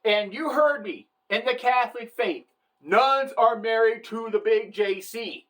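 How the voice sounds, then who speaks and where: A woman's voice: fairly high pitch, measured pace, a bit bright. A woman giving an irreverent, wisecracking satirical comedy monologue, bragging and joking about the church.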